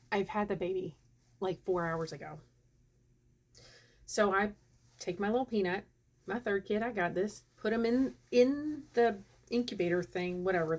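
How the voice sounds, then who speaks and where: A woman in her thirties, a vlogger, telling a personal story to camera in a chatty, animated way that often breaks off and restarts. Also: mid-range voice. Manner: chatty, animated, self-interrupting.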